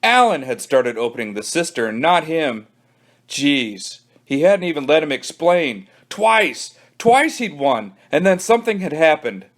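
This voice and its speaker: Librarian man reading a kids' book aloud, animated, fairly high voice. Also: unhurried. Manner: animated storytelling. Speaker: children's librarian.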